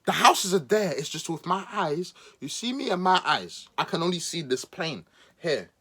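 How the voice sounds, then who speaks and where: A husky man delivers a mocking, sarcastic podcast monologue. His lively voice swings up and down as he teases and exaggerates. It sits a little high for a man. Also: moderate pace. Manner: mocking, animated, playful voices for emphasis. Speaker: podcast host. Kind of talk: sarcastic political commentary monologue.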